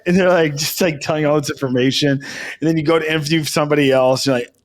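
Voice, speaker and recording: A man's voice: on the high side, fast talker. A young adult man co-hosting a comedy podcast, telling a rambling story in casual banter and laughing often. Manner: giggly, animated storytelling, frequent laughter. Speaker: podcast co-host.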